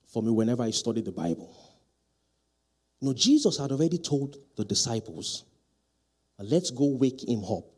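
A male pastor preaching a sermon in a church, asking the congregation questions and rising to loud, emphatic peaks. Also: mid-range voice. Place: church hall.

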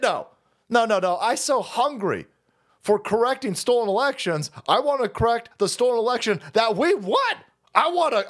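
A man ranting on a livestream, foul-mouthed and excitable, laughing between his remarks. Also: high-pitched, moderate pace. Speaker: streamer.

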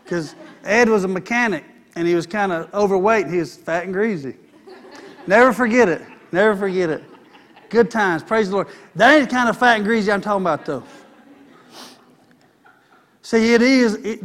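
Brief: male preacher, very high voice, folksy sermon delivery. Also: fairly quick, fairly bright tone. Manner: folksy, conversational preaching with vernacular.

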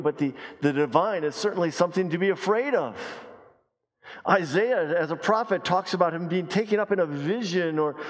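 A man preaching a sermon as pastor, emphatic, repeating key phrases and dropping his voice low and slow to stress a point. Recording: long reverb of a large hall.

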